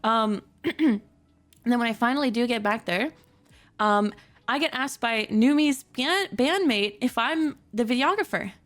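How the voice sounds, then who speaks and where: High-voiced woman telling a story with animated energy. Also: a little slow. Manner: animated, giggly, acts out the people in her story; many fillers and self-corrections. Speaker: streamer telling stories. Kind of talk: casual storytelling chat. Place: home, at her computer.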